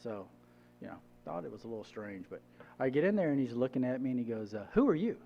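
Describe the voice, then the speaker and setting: A man's voice: mid-range voice, lively intonation, fast talker, gravelly, mellow, lo-fi sound. Middle-aged man telling his life story. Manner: conversational, acts out quoted dialogue. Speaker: church guest speaker. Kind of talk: personal testimony storytelling.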